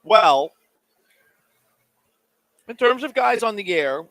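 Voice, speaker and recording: Man, 30s, sports talk host: animated, jokey, slightly high voice, dry close mic. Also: takes it slowly, gravelly, no echo. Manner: animated, jokey, talks while eating. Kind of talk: casual call-in radio talk. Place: radio studio. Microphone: studio microphone.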